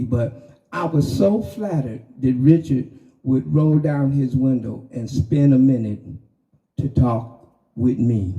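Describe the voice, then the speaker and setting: A middle-aged man hosting a podcast who tells a lively personal story in a casual, chatty way. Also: on the high side, measured pace, creaky, recorded from a distance, poor audio. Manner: animated, chatty anecdote with acted-out quotes. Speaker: podcast host.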